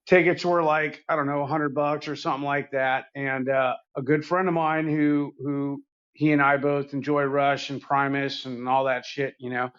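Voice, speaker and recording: A man's voice: medium pitch, little pitch movement, normal speed, a bit bright, smooth, muffled recording. A man hosting a podcast, telling a long story in a rambling, laid-back and foul-mouthed way. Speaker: podcast host. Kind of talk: casual storytelling chat.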